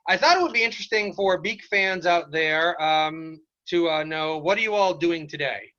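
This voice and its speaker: A man's voice: fairly high pitch, moderate pace, pushed and bright, muffled recording. A man hosting a casual video-call reunion chat, eager and chatty. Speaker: host.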